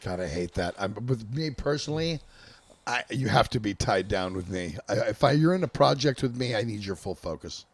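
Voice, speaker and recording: Brief: middle-aged male podcast host, gravelly, dry close sound, easygoing chat. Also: on the low side, fairly quick, no echo. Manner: relaxed, chatty, reminiscing. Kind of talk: casual interview chat.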